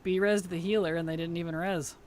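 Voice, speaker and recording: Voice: medium pitch, steady tone, fairly quick, slight background noise. A streamer chatting casually while playing, laughing often and answering questions from chat.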